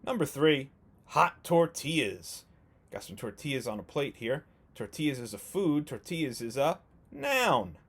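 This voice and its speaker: A man's voice: mid-range voice, sing-song, fairly bright tone, husky. Patient male first grade teacher. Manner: slow, patient, encouraging, stretches out words. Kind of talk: remote video lesson for young children.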